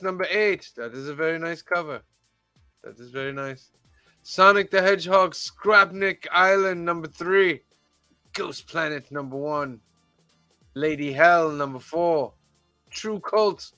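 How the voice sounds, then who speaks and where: A man hosts a casual podcast in a bright, forceful voice, slightly higher than most men. He works slowly through a list of titles in a measured, deadpan read. His wry asides and mock exasperation break up the list, and the sound is dry and close. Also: clear, resonant tone, no echo. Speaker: podcast host reading the weekly release list.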